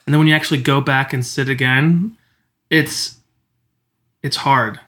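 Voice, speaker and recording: A man's voice: medium pitch, fairly even intonation, measured pace, a bit bright. A man with a mid-range voice co-hosting a casual movie podcast. He talks loosely and informally, leaning on fillers as he chats. His delivery stays easygoing. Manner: casual, filler-heavy, says "like" and "you know" a lot. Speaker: podcast co-host.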